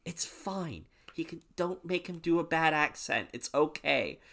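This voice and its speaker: A British man co-hosting a podcast, chatting about comics with animated, jokey asides. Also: on the high side, measured pace, vocal fry. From Britain. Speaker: podcast co-host. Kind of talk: casual comic book discussion.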